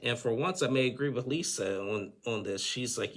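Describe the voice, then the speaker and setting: A man's voice: mid-range voice, moderate pace. A man giving a casual, rambling recap of a TV episode, often restarting his sentences and chuckling. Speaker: TV recap host.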